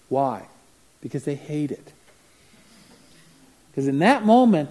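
A man with a mellow, warm voice teaching parents. He tells a long story in a chatty way and acts out the voices of the people in it. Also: a little high, poor audio. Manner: anecdotal, acts out voices while telling stories. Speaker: parenting seminar speaker. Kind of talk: conversational teaching talk.

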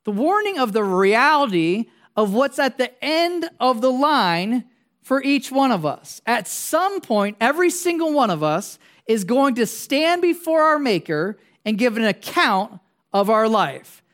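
A man's voice: very high-pitched, sing-song, a little slow, a bit bright. Casual, joking male pastor preaching. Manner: casual, joking, wanders into tangents; conversational, asks the audience questions. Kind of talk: sermon.

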